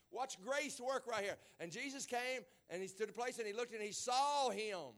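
A man preaching a sermon in a church, emphatic, dropping to low murmurs and then rising to shouted exclamations. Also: normal speed, few pauses.

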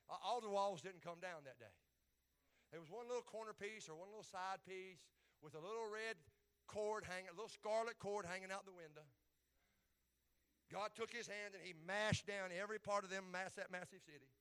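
A male preacher delivers a lively sermon with a high, ringing voice. He repeats phrases and climbs to excited exclamations. His tone is bright and forceful. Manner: animated, repetitive, builds to exclamations.

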